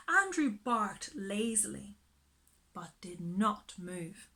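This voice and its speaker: A woman reading a children's storybook aloud in a slow, expressive way. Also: mid-range voice.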